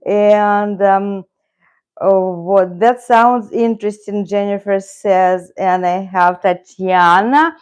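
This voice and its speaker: A woman's voice: mid-range voice, steady tone, slow pace, darkish tone, clear, resonant tone. A woman with a Russian accent hosting a casual livestream chat, chatty and greeting viewers by name. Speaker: livestream host.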